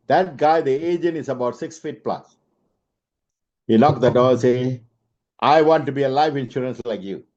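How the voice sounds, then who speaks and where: A sales trainer gives a motivational lecture built on stories, with asides and frequent rhetorical checks. His voice is medium-pitched and mellow, captured on a dull lo-fi recording.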